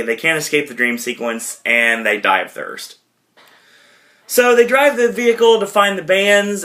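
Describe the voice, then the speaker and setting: A man hosting a podcast, casually retelling a movie in a rambling way, with lots of fillers and quick impressions. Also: a little high, bright, forceful tone. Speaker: podcast host.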